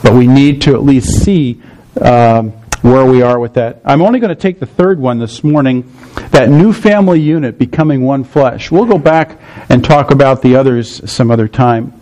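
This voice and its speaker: A man's voice: mid-range voice, moderate pace, warm tone, poor audio. Man, pastor, sermon, middle-aged, mid-range voice, explanatory, checks in with congregation.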